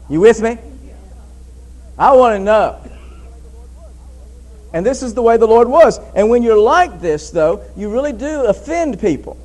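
Male preacher, high voice, emphatic sermon delivery with repeated phrases. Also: a little mellow, low-quality recording. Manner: emphatic, repeats phrases, reads scripture aloud.

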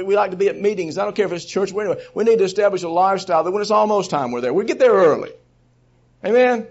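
A man preaching a sermon, an animated storyteller who chuckles between points and swings from quiet asides to loud bursts. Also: high-pitched. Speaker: preacher teaching a Bible session. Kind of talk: sermon teaching. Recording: dull lo-fi recording.

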